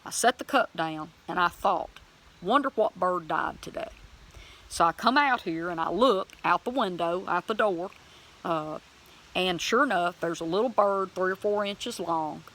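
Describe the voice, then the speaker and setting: A woman telling a personal faith testimony in a plain-spoken, folksy way, animated and emotional as she acts out her own words. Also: fairly low pitch, moderate pace. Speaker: Christian vlogger sharing a testimony.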